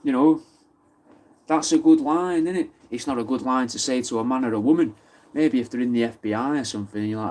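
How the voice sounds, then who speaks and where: This Manchester man, from Wythenshawe, talks quickly in a mid-range, slightly mellow voice with a Mancunian accent. Hosting a live stream, he chats casually, replies to viewers' comments, and swears freely.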